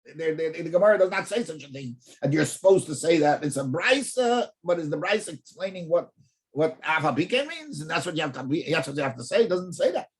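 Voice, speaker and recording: A man teaching an in-depth Talmud class, animated, often repeating words as he thinks and asking rhetorical questions. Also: a little high, brisk.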